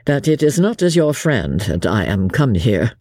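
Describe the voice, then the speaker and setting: A woman voicing a grave, honorable male army officer who speaks haughtily and haltingly. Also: rumbling low, sing-song, mellow, breathy edge, no room sound, clean studio sound, voice pushed down, heavily acted. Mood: stern.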